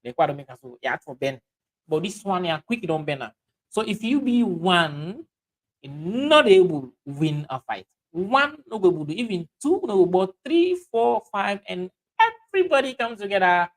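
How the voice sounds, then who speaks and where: A man with a Sierra Leonean Krio accent hosting a livestream, reading out viewer comments in halting speech full of fillers and restarts. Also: high voice, sing-song, low-quality recording. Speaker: livestream host.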